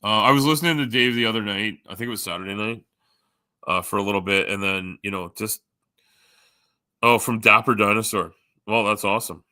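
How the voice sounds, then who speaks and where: Canadian man, casual stream chat, low bright voice, dry close mic. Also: fairly quick, dry recording. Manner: rambling, profane, joking. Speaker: live stream host. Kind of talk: casual chat reading viewer comments.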